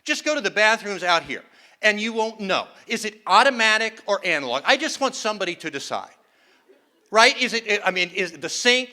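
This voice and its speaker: A man's voice: high-pitched, lively intonation, fairly quick, bright, forceful tone. An older man performing a self-mocking stand-up comedy set on stage, acting out the voices he quotes. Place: conference hall stage with a live audience.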